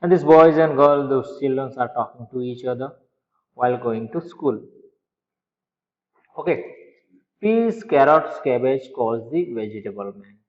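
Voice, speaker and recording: A man's voice: medium pitch, lively intonation, unhurried, long pauses. A male teacher explaining a children's story, often asking the class a question and then answering it himself. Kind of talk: explaining a school story to young pupils. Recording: echoey room, dull lo-fi sound.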